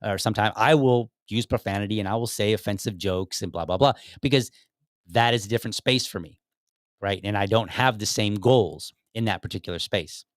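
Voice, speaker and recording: A man's voice: on the low side, a little fast, dry recording, clean studio sound. A man hosting his own podcast, rambling casually with many fillers and restarts. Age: young adult to middle-aged father. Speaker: podcast host. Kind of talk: casual commentary.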